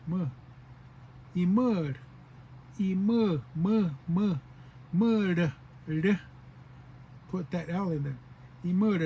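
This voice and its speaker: A man teaching a language in a casual spoken lesson, patiently repeating words slowly to show how they are pronounced. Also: high voice, mellow, a little hiss or hum, poor audio.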